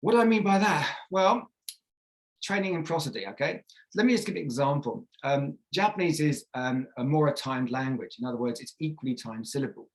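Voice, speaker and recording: A man's voice: fairly high pitch, animated, fairly quick, rough recording. A man giving a conference presentation on teaching pronunciation, explaining step by step with frequent fillers and restarts. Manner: models pronunciation examples aloud.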